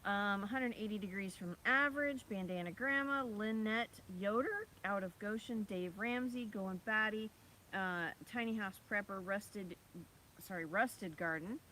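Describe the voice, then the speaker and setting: A woman co-hosting a casual family live stream, briskly reading out viewer names and channels. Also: medium pitch, pushed and bright, a little hiss or hum, rough recording. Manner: brisk, reads viewer names in a rapid list. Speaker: livestream co-host. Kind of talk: casual livestream chat. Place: outdoors by a lake.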